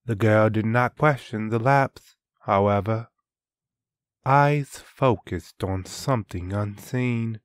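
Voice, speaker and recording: Slow, low-voiced male storyteller. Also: clean tone, no echo, studio quality. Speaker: narrator. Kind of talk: audiobook narration.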